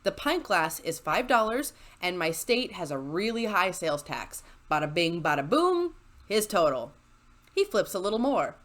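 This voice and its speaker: A woman's voice: lowish voice, animated, moderate pace, few pauses, fairly bright tone. A woman narrating a story into a desk microphone, chatty and sarcastic, with frequent laughs between lines. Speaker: YouTuber reading stories. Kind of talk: storytelling with asides. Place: home desk with squeaky chair.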